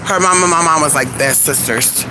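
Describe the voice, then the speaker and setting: Sassy high-voiced man chatting from his car. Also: brisk. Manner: sassy, profane, talks to viewers as "y'all" and "honey". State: losing his voice. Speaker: vlogger. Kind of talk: casual live-stream chat. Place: in a car at a gas station. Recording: noisy phone audio in a car. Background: car and traffic noise.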